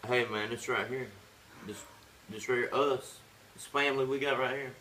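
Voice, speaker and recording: A man's voice: medium pitch, steady tone, normal speed, pushed and bright, distant mic, a little hiss or hum, natural voice. A man impersonating a tough male bandmate who boasts about fighting, in a swaggering drawl.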